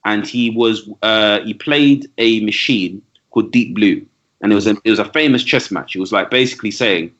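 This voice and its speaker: A teacher and trainer guests on a podcast, explaining ideas in relaxed conversation with lists and asides. His voice is lowish and a bit bright, his pace moderate, and the lo-fi audio comes across dull.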